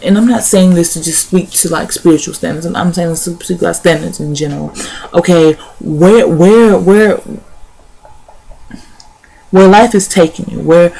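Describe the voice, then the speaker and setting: Young woman talking things through on her vlog, low and kinda gravelly, says y'all a lot, repeats herself. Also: warm tone. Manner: repeats words, folksy asides like "y'all" and "honey". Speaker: vlogger. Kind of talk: casual spoken reflection.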